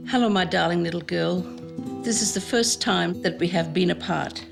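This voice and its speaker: Gravelly middle-aged mother reading a letter. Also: fairly low pitch, moderate pace. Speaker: mother of a teen. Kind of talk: reading a letter aloud to camera. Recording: interview with loud background music.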